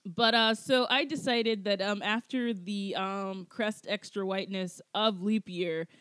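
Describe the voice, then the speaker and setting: This is a podcast co-host chatting casually, wandering through thoughts with lots of fillers and self-corrections. The voice sits at a middle pitch. The sound is dry and close, with no room in it. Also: fairly even intonation, unhurried, fairly bright tone, clear, resonant tone, dry recording. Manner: rambling, many fillers and restarts. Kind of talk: casual chat.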